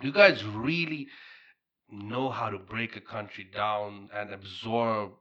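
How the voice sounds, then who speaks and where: Slangy animated man hosting a podcast. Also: on the low side, slow pace, highs cut off. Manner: animated, slangy, rambling with restarts. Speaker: podcast host. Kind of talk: casual chat.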